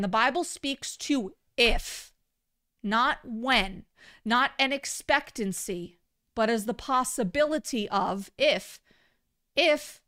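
A woman leads a livestreamed Bible teaching, earnest and conversational, and she repeats key words to drive them home. Her voice sits a little high and comes across smooth and clean. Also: fairly bright tone.

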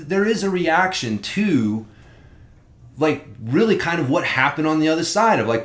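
A man in casual podcast chat, talking in an animated, rambling way and swearing often. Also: on the high side. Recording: roomy echo.

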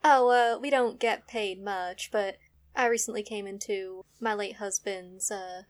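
A woman's voice: medium pitch, fairly even intonation, a little slow, no room sound. A woman playing a character in a tabletop game, in a breezy, evasive way. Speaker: player.

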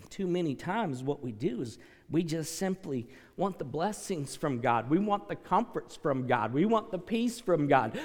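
Fervent preacher man in a reverberant hall. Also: on the high side. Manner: swings between hushed pleading and loud urgent preaching; clears throat now and then. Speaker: pastor. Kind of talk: sermon.

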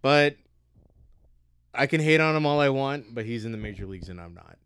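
A man's voice: medium pitch, animated, brisk, a bit bright, smooth. A young American man co-hosting a podcast, ranting heatedly and swearing constantly. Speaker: podcast co-host. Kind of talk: casual profane rant.

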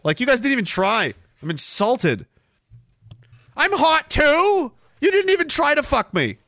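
A sarcastic, foul-mouthed podcast host with a high, bright voice. He rants casually and swings his pitch all over the place, breaking into loud laughter. The sound is dry and close. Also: wildly swooping pitch, unhurried, vocal fry, pauses often, no echo. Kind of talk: casual livestream rant.

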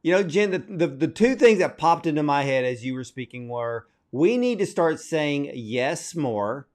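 A man's voice: a little high, animated, normal speed. A man hosting a motivational podcast interview, addressing his audience emphatically in a preacher-like way. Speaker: podcast host.

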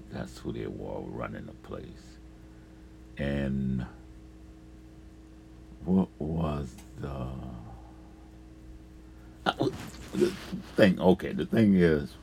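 Very deep, gravelly man telling stories. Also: dark tone, a little hiss or hum. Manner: profane, laughs often, trails off with fillers. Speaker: storyteller. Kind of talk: casual rambling storytelling.

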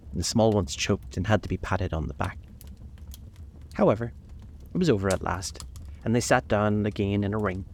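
A man narrating a storybook in a measured, gentle way. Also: lowish voice, slight background noise.

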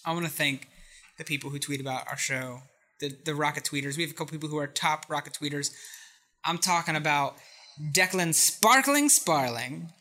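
A podcast co-host in casual chat, excitable and rambling, laughing often. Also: mid-range voice, normal speed.

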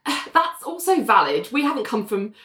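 A woman co-hosting a casual chat, recapping a TV episode and swearing freely, and she acts out the characters' lines in quick voices. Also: on the high side, very animated, sharp tone, roomy sound. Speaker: podcast co-host recapping a TV episode.

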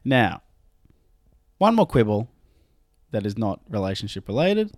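A playful man co-hosting a podcast in casual chat. He is quick to laugh, and his pitch swings widely. The sound is dry and close. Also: sing-song, dry recording. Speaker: podcast co-host.

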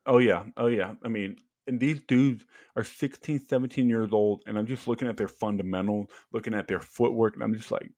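His pitch is fairly low and his pace fairly quick, captured on a dry recording. The young man is a podcast co-host and former ballplayer who chats casually and tells animated stories, with many fillers and restarts.

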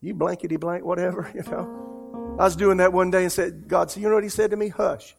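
A man preaching a sermon as pastor, telling stories and swinging between hushed lines and loud, emphatic ones. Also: sits high, level tone, fairly quick, gravelly, soft background music.

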